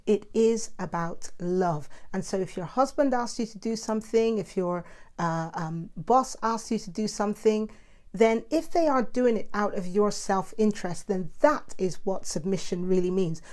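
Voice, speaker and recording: A woman's voice: medium pitch, normal speed, darkish tone. A middle-aged woman, talking casually and animatedly in her own monologue, self-described as the mouthy one. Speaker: host.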